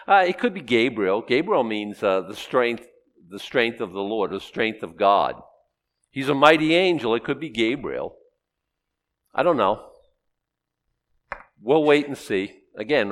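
With a lowish voice, a middle-aged pastor works through a Bible passage during his sermon. His manner is conversational, broken by sudden loud rises.

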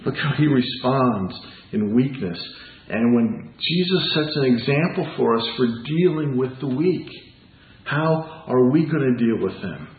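Earnest pastor preaching in an echoey room. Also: male voice, medium pitch, lively intonation, measured pace. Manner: earnest, conversational, rhetorical questions. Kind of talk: sermon. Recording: echoey room, tinny phone-like sound.

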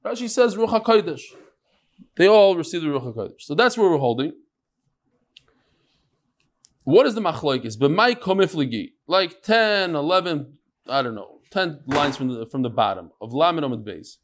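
A middle-aged man teaching a daily Talmud class with lively storytelling and quick asides. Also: fairly high pitch. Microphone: on Zoom.

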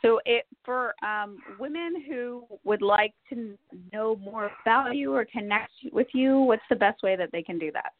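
A woman hosting a podcast, asking guests questions in a casual, effusive and animated way. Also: a little high, normal speed, hardly any pauses. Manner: animated, effusive, lively storytelling. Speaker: podcast host. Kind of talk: casual interview. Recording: tinny phone-like line with faint noise.

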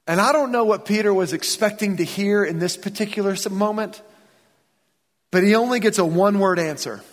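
A pastor with a voice that sits high for a man preaches a sermon in church at a fairly quick pace, retelling scripture loosely and conversationally. He voices the biblical characters in modern slang, acting out their dialogue as everyday speech, while the sanctuary adds a long reverb.

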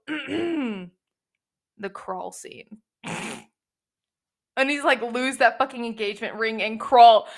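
A woman's voice: medium pitch, fairly bright tone. A woman hosting a book podcast, chatting casually and gushing, with lots of fillers. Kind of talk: casual book review chat.

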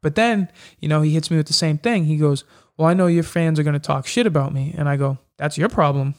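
A young MMA fighter appears as a guest in a casual interview, recounting fight stories with animation and acting out the back-and-forth exchanges. His male voice is fairly high and he talks quickly.

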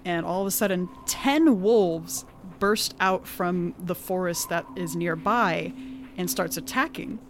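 A woman with an accent casually recapping a tabletop game session, animated and laughing often, peppering her talk with "like". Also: lowish voice, slow, hardly any pauses, a little hiss or hum. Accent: non-standard accent of her own. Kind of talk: casual storytelling chat.

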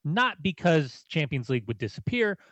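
An American man co-hosting a casual football podcast, relaxed and explanatory. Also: a little high, moderate pace, no echo, lo-fi sound. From United States. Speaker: podcast co-host.

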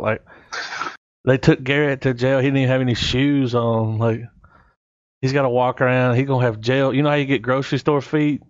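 A man's voice: mid-range voice, steady tone, a little fast, dry recording, dull audio. A man telling a crude story in casual chat, rambling and quoting people as he goes.

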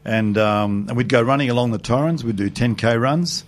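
A man's voice: medium pitch, moderate pace. An older man with an Australian accent, a charity co-founder speaking as a guest on a radio interview, plain-spoken and good-humoured. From Adelaide, Australia.

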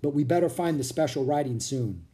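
Reader doing storybook boy, cautious and fretful, mellow tone. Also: mid-range voice, animated, a little fast, lightly acted. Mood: worried. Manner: worried, careful. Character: cautious bookish young boy.

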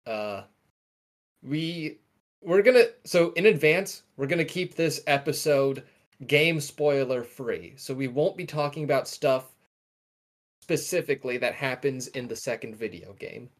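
A man's voice: mid-range voice, animated, unhurried. A young man co-hosting a podcast in casual chat, enthusiastic and often correcting himself mid-sentence. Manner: rambling, self-correcting, enthusiastic. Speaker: podcast co-host.

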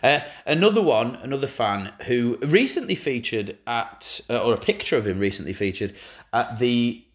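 A man's voice: medium pitch, animated, normal speed. A man co-hosting a casual chat, telling wry, sweary anecdotes. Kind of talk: casual banter.

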